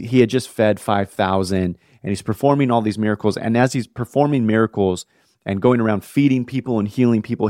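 Animated slangy man on a podcast. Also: on the low side, dry recording, studio quality. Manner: animated, slangy, says bro and dude. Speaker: podcast host and pastor. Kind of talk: casual storytelling podcast.

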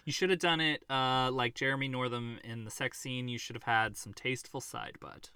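A man's voice: mid-range voice, steady tone, normal speed, pushed and bright, clean tone. A man co-hosting a casual film podcast, wry and teasing. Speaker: podcast co-host.

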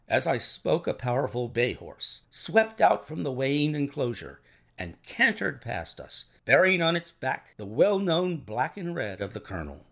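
Man reading a story, gravelly and lively. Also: medium pitch, a little slow. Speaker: narrator.

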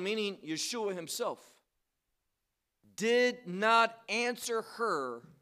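A male Bible teacher with a high voice who lets his words come out slowly and deliberately. He leans on emphasis and rhetorical questions, dropping to a hush and then rising to loud phrases. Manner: wide swings between soft and loud.

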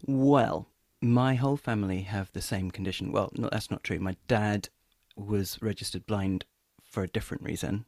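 A man's voice: lowish voice, fairly even intonation, normal speed, few pauses, darkish tone, no room sound, clean studio sound. A man co-hosting a casual podcast, playful and joking with his co-hosts. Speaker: podcast co-host.

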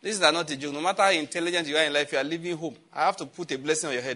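A man's voice: fairly high pitch, racing, fairly bright tone. A man with a Nigerian accent preaching a sermon. He laughs at his own jokes and calls on the congregation to repeat his words back.

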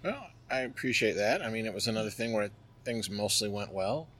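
A man's voice: on the low side, brisk, slight background noise. A middle-aged man guesting on a podcast, spinning anecdotes in a loose, chatty way. He piles on fillers and keeps the story rolling. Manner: lively, chatty, filler-heavy. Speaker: guest, poker player. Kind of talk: interview storytelling.

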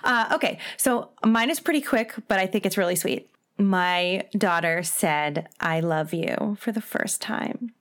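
A woman's voice: medium pitch, unhurried, a bit bright. A woman in her thirties from New Jersey, co-hosting a podcast in casual chat, laughing often and acting out what others said. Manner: chatty, laughs often, acts out quotes. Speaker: podcast co-host.

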